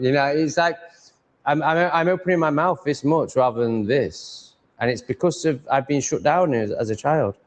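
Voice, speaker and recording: Live streamer, male, slightly high pitch, mumbly rambling delivery with casual swearing. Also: normal speed, lo-fi sound. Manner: mumbling, rambling, swears freely, reads chat aloud.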